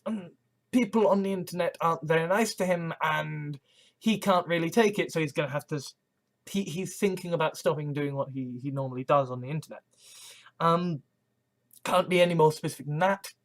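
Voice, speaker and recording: Field: casual vlog monologue. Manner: halting, rambling, full of false starts and nervous chuckles. Pitch: middling, with lively rises and falls. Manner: rambling, halting with frequent restarts and nervous laughs; swearing, earnest and agitated. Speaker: vlogger.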